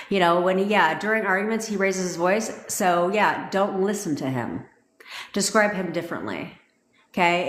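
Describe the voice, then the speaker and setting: Blunt, profane woman coach. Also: lowish voice. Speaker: manifestation coach. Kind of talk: casual live-stream talk. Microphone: phone. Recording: echoey room.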